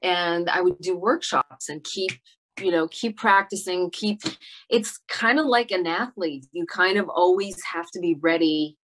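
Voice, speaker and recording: A middle-aged woman with a slightly low voice speaks thoughtfully in a casual interview. She often hesitates, leans on fillers and starts her sentences over. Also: measured pace, a little hiss or hum. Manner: reflective, hesitant with many fillers and restarts. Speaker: actress guest.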